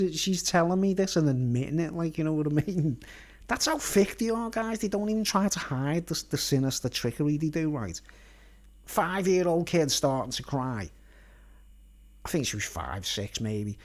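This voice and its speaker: A man spins a rambling personal tale in casual, nonstandard slang. His pitch swoops and jumps lively as he talks. He keeps pausing to check in with his listeners. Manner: colloquial, nonstandard grammar. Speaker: vlogger.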